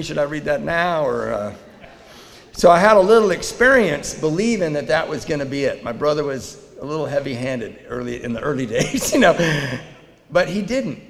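A man telling his recovery story to a live meeting audience, candid, swinging between loud and hushed. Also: on the high side. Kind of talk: personal testimony to a live audience. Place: meeting hall. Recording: reverberant hall.

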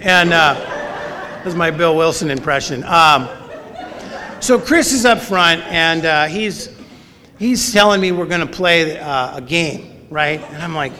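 A middle-aged man shares a funny personal story at a recovery meeting, poking fun at himself with a wry manner. His voice is slightly high and a bit slow, with a bright, forceful tone. The recording carries the long reverb of a large hall.

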